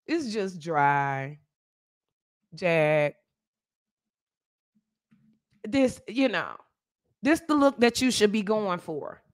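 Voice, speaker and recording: A woman's voice: high voice, fairly bright tone. A woman hosting a casual livestream podcast, greeting viewers by name and trash-talking with blunt slang. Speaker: podcast host.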